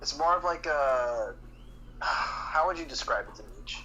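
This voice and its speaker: A man's voice: on the high side, animated, measured pace, bright, forceful tone, lo-fi sound. A man co-hosting a gaming stream, reading chat messages and giving his opinions casually with some hesitation.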